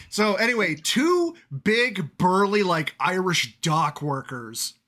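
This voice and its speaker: A man's voice: high voice, expressive, slow pace, pushed and bright. A man narrating as game master of a tabletop game, chatty and laughing often as he describes the scene.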